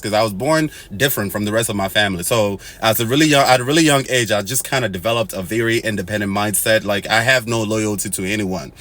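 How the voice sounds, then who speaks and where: Animated Nigerian-born man talking to camera. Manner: animated, swings from loud exclamations to low asides, mixing in Pidgin and Igbo phrases. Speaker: host. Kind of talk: casual to-camera monologue.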